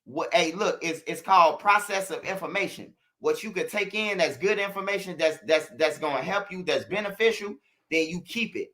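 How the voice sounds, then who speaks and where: High, bright-voiced Chicago man preaching. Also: moderate pace. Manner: street slang, repetitive, preachy. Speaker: channel host. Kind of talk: casual monologue to viewers.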